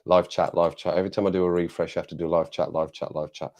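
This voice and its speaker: A man's voice: sits low, little pitch movement, fast, darkish tone. An English man hosting a casual live stream, chatting to viewers in a rambling way, repeating phrases and laughing often.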